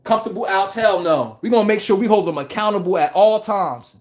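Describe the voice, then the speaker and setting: A man's voice: high voice, brisk, roomy sound. A man hosting a casual live-stream sports podcast, talking bluntly and animatedly, swearing and laughing as he rants. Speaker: podcast host.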